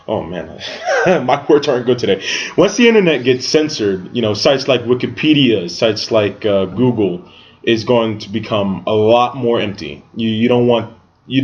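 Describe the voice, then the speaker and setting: A man co-hosting a casual podcast discussion, halting and often restarting as he searches for words. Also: medium pitch. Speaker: podcast co-host. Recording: dull lo-fi sound.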